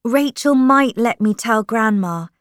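A woman reading a storybook aloud, voicing a sixteen-year-old girl with a bright, eager voice. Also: a little high, expressive, a little slow, no echo, clean studio sound, voice pushed up. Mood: urgent. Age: teenager.

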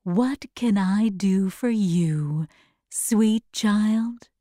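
A woman voicing a kind, gracious good witch who speaks slowly and tenderly. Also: mid-range voice, mellow, no echo, clean studio sound.

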